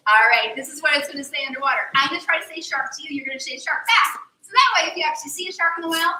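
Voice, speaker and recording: A young woman performing as a mermaid, teaching children in an animated, sing-song way at a live aquarium show. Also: high voice, rapid-fire. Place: aquarium tank area with audience. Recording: echoey room from far off, faint ambience.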